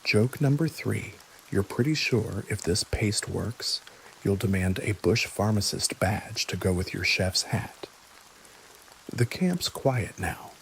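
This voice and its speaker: A man gently telling a scripted bedtime history story in the second person, with dry little jokes. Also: on the low side, slow, vocal fry, slight background noise, rough recording. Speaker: narrator. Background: soft rain.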